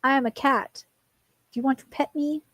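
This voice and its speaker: A woman's voice: high voice, steady tone, normal speed, a bit bright, no room sound. A woman voicing her pet cat as a sweet, pampered male cat begging for love. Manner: cutesy and pleading.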